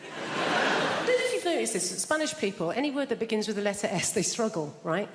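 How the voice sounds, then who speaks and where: A woman's voice: on the high side, very animated, fairly quick, big-room sound, very noisy. A woman performing a stand-up routine on a large theatre stage, dry and self-deprecating with hesitant fillers. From England. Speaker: stand-up comedian. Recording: live theatre with a loud audience.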